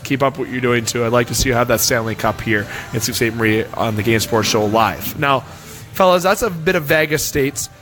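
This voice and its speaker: Opinionated Canadian sports show host. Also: male voice, medium pitch, moderate pace. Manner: rambling, opinionated, energetic. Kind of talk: casual hockey talk. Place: restaurant. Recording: faint music behind.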